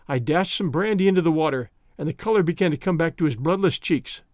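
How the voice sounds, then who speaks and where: A man narrating a classic story as an audiobook reading, measured and expressive. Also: fairly high pitch, no echo, clean studio sound.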